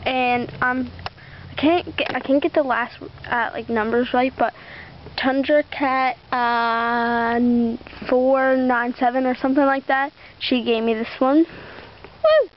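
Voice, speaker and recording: A woman's voice: high voice, fairly even intonation, unhurried, dull audio, slight background noise. A young woman chatting casually outdoors, rambling as she shows off a collection. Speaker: vlogger showing a toy collection. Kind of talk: casual show-and-tell.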